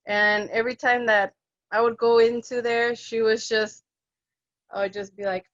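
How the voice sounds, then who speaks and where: A woman's voice: a little high, normal speed, no echo. A young woman who works as an end-of-life caregiver tells a personal story, acting out the voices of the people in it. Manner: animated, acts out quoted voices. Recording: dull, dry lo-fi recording.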